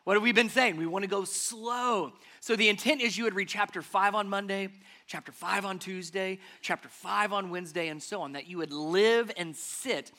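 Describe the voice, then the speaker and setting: A man delivers a church sermon in a high, bright, forceful voice. He stresses his points by repeating key phrases and building them up. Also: normal speed. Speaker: pastor.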